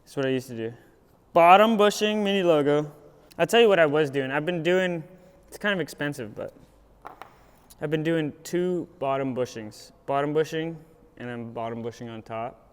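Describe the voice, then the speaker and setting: A young man, a pro skateboarder, telling stories in a casual, animated way, laughing a lot and acting out what people said. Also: on the high side, moderate pace, smooth. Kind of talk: casual storytelling. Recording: echoey room with loud background noise.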